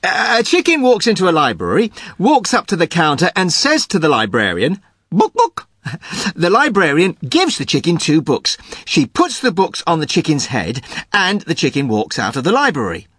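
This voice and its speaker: A man's voice: fairly high pitch, huge pitch swings, moderate pace, fairly bright tone, breathy edge, no echo. A man telling a joke as a studio guest, a bit hesitant and playful.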